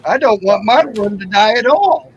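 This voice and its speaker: A male host with a notably high voice and a faint hiss of background noise. He teases his panel and stammers through restarts in loose, casual chat. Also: expressive, normal speed, highs cut off. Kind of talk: casual banter.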